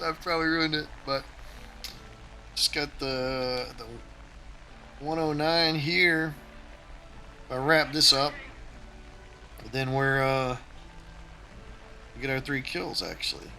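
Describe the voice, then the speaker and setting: Bright-voiced man giving game commentary. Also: medium pitch, slow, pauses often, a little hiss or hum, low-quality recording. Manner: casual, tactical play-by-play talk. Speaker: gaming channel host.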